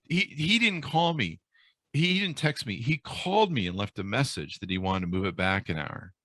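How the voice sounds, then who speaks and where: A man being interviewed, telling a story in casual chat, with lively quoted voices and frequent fillers. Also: medium pitch, normal speed, no echo. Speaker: podcast host and guest.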